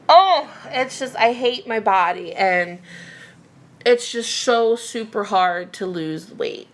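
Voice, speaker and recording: A woman's voice: mid-range voice, vocal fry, pushed and bright. A woman vlogger in a candid personal rant to camera, venting emotionally with many fillers and restarts.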